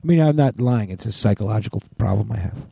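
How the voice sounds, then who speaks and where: Middle-aged podcast guy, really dark husky voice, low pitch, blunt and dry, swears a lot. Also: animated, fast talker, no echo. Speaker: podcast co-host. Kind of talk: casual chat.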